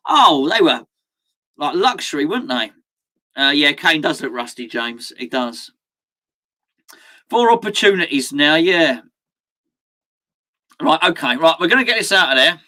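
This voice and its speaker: Lively, bright-voiced man chatting on a live stream. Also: a little high, a little slow, long pauses. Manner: chatty, reads out chat, laughs often, sudden outbursts. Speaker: watchalong host. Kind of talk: live-stream chat with viewers.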